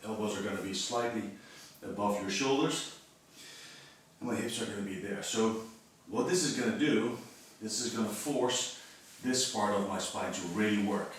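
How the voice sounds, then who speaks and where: A man leading a physiotherapy workout, explaining each movement and counting reps in a calm, encouraging way. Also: fairly low pitch, moderate pace, slight background noise. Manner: calm, encouraging, demonstrates while talking. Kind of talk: exercise instruction, counting reps. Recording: echoey room, voice from a distance.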